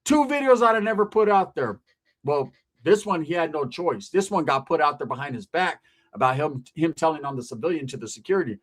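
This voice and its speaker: A middle-aged man talks to camera in a casual commentary monologue. His voice sits fairly high for a man. He speaks bluntly, in profane street slang. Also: expressive, fairly quick. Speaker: commentary channel host.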